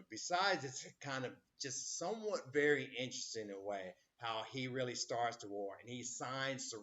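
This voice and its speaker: A male teacher lecturing his class, full of fillers and little acted-out quotes. His pitch sits in a middle range. The recording is dull and lo-fi, as if made in a classroom. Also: pushed and bright. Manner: rambling, many fillers, acts out quotes. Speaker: history teacher.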